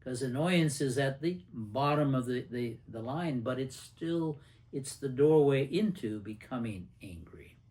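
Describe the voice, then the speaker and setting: A man's voice: mid-range voice, animated, unhurried, a little mellow. An older man hosting a casual lesson on anger, talking conversationally and acting out little anecdotes and quotes. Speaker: host and anger management teacher. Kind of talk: casual teaching talk to camera.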